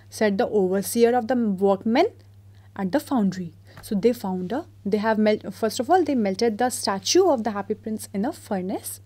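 A woman teacher reading a story aloud line by line, then explaining each passage in simple words. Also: moderate pace. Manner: lively, pitch jumps up when quoting characters.

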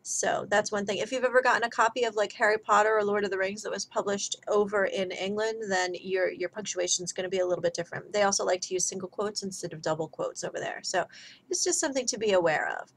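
A woman's voice: mid-range voice, fast, low-quality recording. A woman giving a recorded grammar lesson as a writing instructor, talking casually through examples. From United States.

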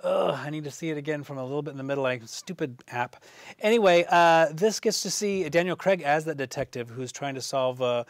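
A man's voice: on the high side, fairly quick, no echo. A man co-hosting a film review show, chatting casually and rambling with many fillers and restarts.

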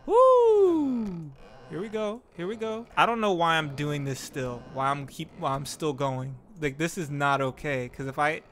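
A man's voice: on the high side, normal speed, few pauses, a little hiss or hum. A young man giving casual commentary while streaming a climbing game, laughing and yelping as he plays. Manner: excitable, laughs and yelps at the game.

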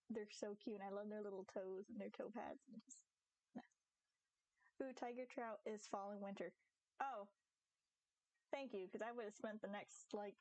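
A young woman chatting casually on a live game stream, giggly and animated, talking to her viewers and her cat. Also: mid-range voice, poor audio. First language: English. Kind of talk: casual live-stream chat while gaming.

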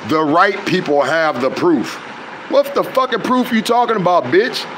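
A man rants with a high-pitched voice, swearing in nearly every line. His delivery is confrontational and addressed straight to viewers, and he often stalls on fillers before pushing on. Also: moderate pace, a bit bright, slight background noise, low-quality recording. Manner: confrontational, profane, trails into fillers. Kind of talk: heated direct-to-camera rant.

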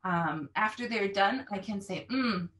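A woman language teacher explaining how she runs her classes, animated and acting out phrases with exaggerated intonation. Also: medium pitch, normal speed, recorded from a distance.

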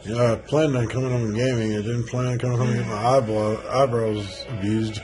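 A man's voice: mid-range voice, level tone, fast talker, darkish tone, faint music behind. A man from Chicago chatting and joking with his partner in a casual home vlog, laughing often. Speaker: vlogger. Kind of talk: casual couple vlog chat.

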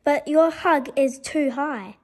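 A sleepy little possum boy who wants a cuddle, pleading softly as a woman reads him out. The voice sits high and the words come slow and drawn out, in a storybook bedtime tale.

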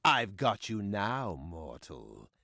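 Slow creepy game villain, taunting, lower voice that swoops way up and down, dry sound. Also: male voice, huge pitch swings, creaky, bright, forceful tone, dry recording, exaggerated voice. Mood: gloating. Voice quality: slow, theatrical, menacing. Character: gloating demonic male voice from a horror game.

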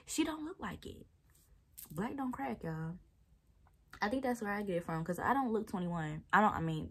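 A woman in her twenties with a Southern American accent, chatting casually to her viewers with playful asides and laughs. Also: on the low side. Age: 20s. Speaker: vlogger. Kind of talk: casual chat while taking down twists.

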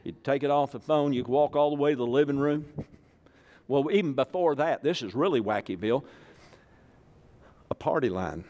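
A man's voice: medium pitch, normal speed, long pauses, a little mellow. A man from Arkansas, preaching a sermon as pastor in a folksy, joking style that calls on the congregation to repeat after him. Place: church sanctuary. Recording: echoey church hall.

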